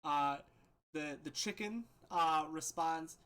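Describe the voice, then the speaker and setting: A man's voice: a little high, slow pace, pushed and bright. A man running a tabletop game as game master, loose and laughing, with many fillers.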